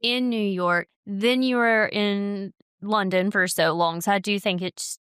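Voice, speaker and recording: Woman co-host with a Southern American accent, playful and quick to react, smooth voice, dry close mic. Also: mid-range voice, fairly even intonation, fairly bright tone, no room sound. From Georgia, US. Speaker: podcast co-host. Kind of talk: casual chat.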